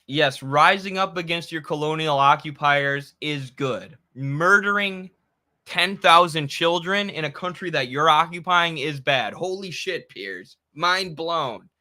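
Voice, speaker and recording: A man with a high, bright, forceful voice tears into a debate clip in a furious, profane rant. He talks fast when worked up, spitting insults between points. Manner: angry, profane, ranting. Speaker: political commentator reacting to a debate clip. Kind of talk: heated reaction commentary.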